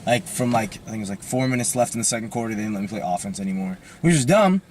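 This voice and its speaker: A man's voice: fairly low pitch, animated, rapid-fire, a little mellow, a little hiss or hum. A man in a car chatting casually and rambling, with lots of fillers and trailing off. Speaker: football player. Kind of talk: casual chat.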